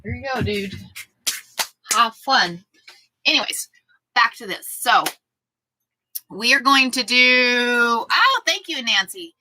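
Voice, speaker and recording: A woman's voice: fairly high pitch, slow pace, pauses often, pushed and bright, slight background noise, low-quality recording. A woman hosting a casual sewing livestream, chatting with viewers by name and talking to her dog between steps.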